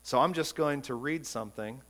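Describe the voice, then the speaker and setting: A man's voice: medium pitch, normal speed, a bit bright. A man preaching a sermon as pastor, emphatic and full of rhetorical questions, often repeating words as he goes.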